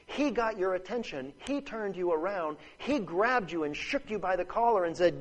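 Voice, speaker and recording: A man's voice: high-pitched, expressive, normal speed, rough recording. A man preaching a sermon in an earnest, emphatic way. He repeats his phrases and checks in with his listeners by asking "Right?".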